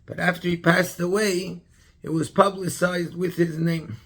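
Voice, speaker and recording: A man's voice: high voice, flat delivery, unhurried, a bit bright, husky. A man, a rabbi, tells a story in a Torah class, stopping often to search for words and restart his sentences.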